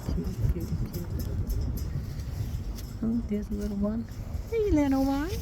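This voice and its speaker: American farm lady sweet-talking her cows outside, slow easy talk, lots of outdoor noise. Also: fairly high pitch, very animated, gravelly. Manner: coos and talks sweetly to the cows. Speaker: farmer. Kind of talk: casual vlog talking to cattle. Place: outdoors in a muddy farm pasture.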